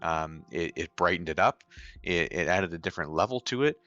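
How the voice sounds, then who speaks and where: A low-pitched man from Canada with a bright, forward tone co-hosts a casual charity stream. He is easygoing and tells stories with dry jokes, with faint music playing behind him. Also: lively intonation, brisk, muffled recording. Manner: easygoing, dry joking, storytelling. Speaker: co-host, host's brother. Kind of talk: casual charity livestream chat.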